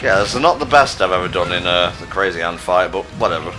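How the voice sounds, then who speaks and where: A man playing a video game and commenting casually, reacting out loud to every hit. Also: deep voice, animated, fast talker, music in the background. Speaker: player.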